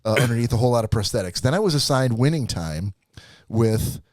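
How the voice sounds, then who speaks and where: A man's voice: mid-range voice, expressive, a little fast, a little mellow, no room sound, studio quality. A man co-hosting a podcast, ranting and laughing through a profane movie review in casual chat. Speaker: podcast co-host.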